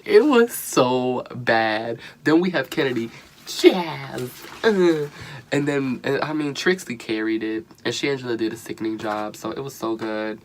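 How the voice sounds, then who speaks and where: Animated young man ranting a casual review. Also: medium pitch, unhurried. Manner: animated, profane, slang-heavy, bursts into laughter. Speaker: vlogger reviewing a reality show.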